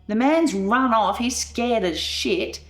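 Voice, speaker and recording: A woman's voice: fairly high pitch, takes it slowly, faint music behind. A woman telling a painful family story in a documentary interview, acting out the scenes with emotion. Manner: emotional, re-enacting scenes with rising voice. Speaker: veteran's wife telling her story.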